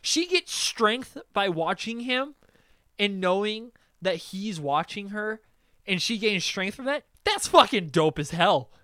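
Excitable, profane male podcast host. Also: high voice, takes it slowly, no room sound, studio quality. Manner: excitable, profane, laughs often. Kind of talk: casual podcast chat.

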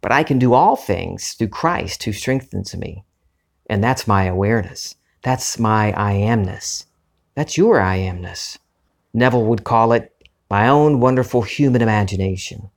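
Gravelly-voiced man hosting a spiritual podcast. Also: on the low side. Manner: calm, earnest, unhurried. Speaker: podcast host. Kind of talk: reflective spiritual talk.

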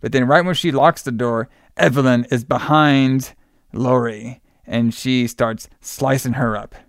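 A man's voice: mid-range voice, fairly even intonation, a little slow, gravelly, no room sound, studio quality. A man casually recapping a film plot for a podcast, rambling with fillers and playful asides. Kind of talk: casual movie recap chat.

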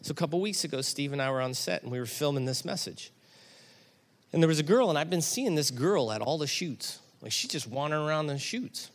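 A middle-aged man pastor preaching a sermon, telling a story that builds to loud, animated peaks. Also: a little high, fairly quick.

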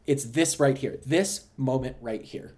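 A man's voice: mid-range voice, a little slow. Ranting man podcast co-host. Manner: ranting, profane, animated. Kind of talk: casual podcast chat.

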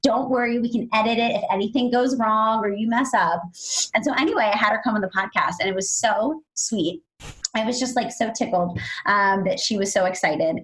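A woman co-hosting a podcast, telling stories in a casual, animated way and acting out the people she quotes. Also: mid-range voice, rough recording. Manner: animated storyteller, acts out quoted voices. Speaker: podcast co-host.

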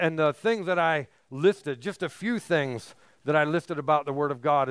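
A man preaching a sermon as pastor, emphatic, building to forceful peaks on key phrases. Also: fairly high pitch, smooth, no room sound.

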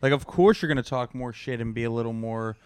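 A man's voice: mid-range voice, fast, smooth. A man from Pennsylvania co-hosting a podcast, blunt and cracking crude jokes in casual chat. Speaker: podcast co-host.

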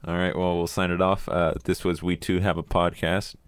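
Man, very deep voice, dry close mic, laid-back podcast chat. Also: level tone, normal speed, smooth, no echo. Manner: laid-back, swears casually. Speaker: podcast co-host. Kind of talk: casual chat.

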